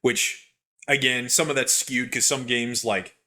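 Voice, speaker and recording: A young man co-hosting a podcast who tells gaming stories in a rambling, animated way with lots of fillers. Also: medium pitch, unhurried. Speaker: podcast co-host. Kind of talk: casual chat, storytelling.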